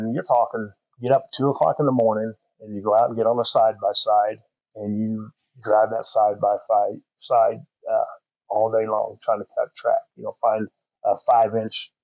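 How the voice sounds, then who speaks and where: A middle-aged man with a low voice tells a story in a rambling, folksy way, full of fillers. The recording is dry and a little dull, with no room sound. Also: no room sound. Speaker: podcast guest. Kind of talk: casual storytelling.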